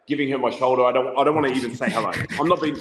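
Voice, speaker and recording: A man's voice: medium pitch, fairly even intonation, very fast, a bit bright, slight background noise. A man with an Australian accent, a podcast guest telling stories in a rambling, casual way full of "you know" fillers. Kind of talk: casual storytelling. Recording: echoey room with long reverb.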